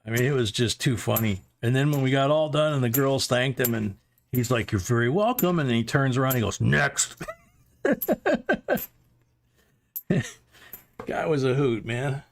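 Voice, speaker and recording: Gravelly middle-aged man telling stories. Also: mid-range voice, sing-song, a little slow, long pauses, a little hiss or hum. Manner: rambling, anecdotal, chuckling. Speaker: livestream host. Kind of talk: casual livestream storytelling.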